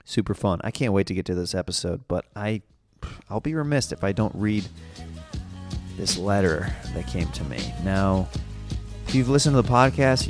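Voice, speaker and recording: A young man hosting his own podcast, chatting casually and excitably on his own and laughing often. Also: fairly low pitch. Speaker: podcast host. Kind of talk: casual solo podcast chat.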